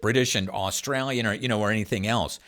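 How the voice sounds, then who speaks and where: Male interview host, slightly low voice, blunt and slangy. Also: quick pace, a bit bright. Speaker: podcast host. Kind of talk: casual interview chat.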